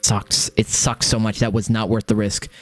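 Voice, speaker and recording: A young man giving casual live gameplay commentary, excitable and swearing often, repeating phrases under pressure. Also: lowish voice, moderate pace. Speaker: gaming streamer.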